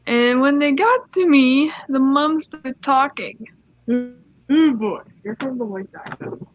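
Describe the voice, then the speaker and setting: A woman's voice: high voice, slow, no echo. A young woman casually reading online stories aloud, giggling and rambling off into side comments. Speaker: story reader. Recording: dull lo-fi dry mic.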